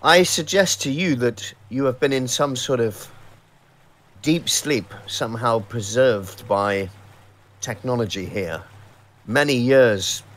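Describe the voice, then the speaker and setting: A man speaking in character during a tabletop game, calm and measured. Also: mid-range voice. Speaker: player.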